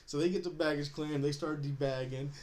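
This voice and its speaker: A man's voice: fairly high pitch, steady tone, a little fast, darkish tone. A man hosting a podcast, recapping a TV episode in casual talk, laughing often and acting out the characters' lines. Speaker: podcast host.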